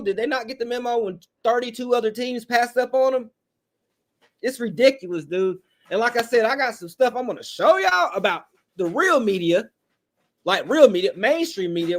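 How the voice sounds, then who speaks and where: Man, high voice, fired-up and blunt, casual live-stream host reading chat. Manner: fired-up, blunt and profane, talking straight to the chat. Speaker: podcast host.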